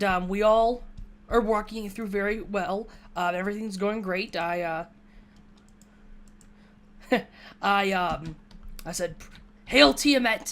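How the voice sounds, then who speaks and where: A woman casually chatting while she plays a video game, retelling a tabletop session in a rambling, self-mocking way. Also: mid-range voice. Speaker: gaming YouTuber. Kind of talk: casual gameplay commentary, recounting a tabletop session.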